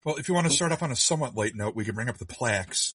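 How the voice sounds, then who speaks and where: A man of middle pitch co-hosts a casual political podcast with a husky, breathy voice. He sounds a little distant from the mic in a dry, dead room, and he speaks in a halting, sardonic way, doubling back on his words. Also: animated, fairly bright tone.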